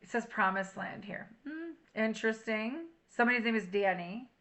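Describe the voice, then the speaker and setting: Bright-voiced emotional woman tarot reader. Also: fairly high pitch, lively intonation, moderate pace. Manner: emotional, chatty, sings and reads lyrics aloud. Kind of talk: casual tarot reading to camera.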